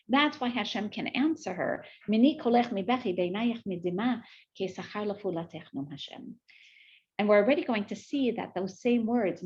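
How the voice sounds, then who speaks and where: A woman giving a Torah lecture, telling the sources as animated stories and acting out the quoted voices. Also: on the high side, dull audio. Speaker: Torah teacher.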